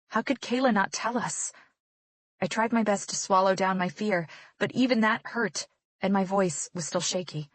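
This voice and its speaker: A woman narrating a first-person novel with tense, dramatic delivery. Her voice sits at a medium pitch, recorded dry and close. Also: no echo. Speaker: audiobook narrator.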